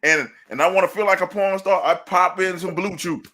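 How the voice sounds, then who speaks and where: A man's voice: high voice, fairly quick, a loud crowd. A man hosting a casual sports podcast, swearing freely and laughing through his jokes. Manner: profane, laughs often, animated storytelling. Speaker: podcast host.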